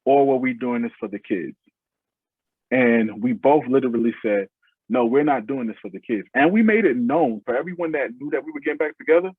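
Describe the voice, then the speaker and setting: Husky man on a thin, phone-like line. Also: medium pitch, lively intonation, fairly quick, dry recording. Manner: earnest, heartfelt, speaks in loose restarting phrases. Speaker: podcast guest. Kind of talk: casual interview storytelling.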